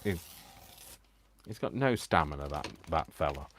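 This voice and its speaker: Lively-pitched man chatting while crafting. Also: normal speed, slight background noise. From United Kingdom. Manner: chatty, self-mocking, laughs often. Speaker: crafting channel host. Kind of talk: casual live craft stream.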